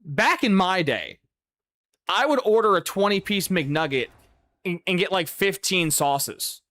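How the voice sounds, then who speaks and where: A young man chats casually on a game stream, rambling through stories and exasperated rants peppered with swearing. His voice sits a bit high and sounds close and dry, with little room around it. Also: big pitch swings, measured pace, pushed and bright, dry recording. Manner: rambling, profane, exasperated ranting. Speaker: gaming streamer. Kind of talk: casual livestream chat.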